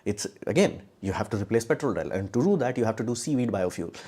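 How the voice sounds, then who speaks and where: A man's voice: lowish voice, animated, fast, dark tone, slightly rough. A man giving casual live-stream commentary in a blunt, sarcastic way, rambling with many restarts. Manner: blunt, sarcastic, mocks views in put-on quotes.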